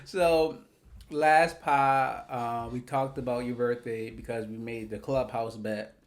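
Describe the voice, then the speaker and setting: A man's voice: mid-range voice, steady tone, slow pace. A man co-hosting a podcast in casual chat, joking and teasing his partner. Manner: joking, playful. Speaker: podcast co-host.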